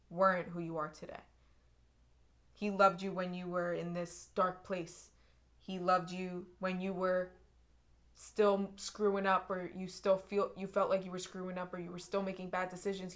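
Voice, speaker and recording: A woman's voice: fairly low pitch, a bit bright. A young woman giving an intuitive tarot reading to her viewers, earnest and emotional, often repeating and restarting her phrases. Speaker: tarot reader.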